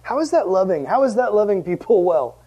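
A man preaching to a youth group in a relaxed, conversational way, with jokes along the way. At times his voice climbs and pushes hard as he presses the point home. He sounds like a youth pastor talking with the kids. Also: high voice, brisk, husky, highs cut off. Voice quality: conversational, joking, building to emphatic passion. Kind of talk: casual evening sermon to young people.

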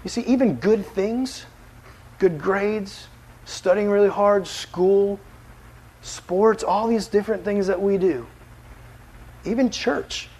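A man preaching a casual, animated sermon as a youth pastor, full of filler words. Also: high voice, slightly rough, rough recording.

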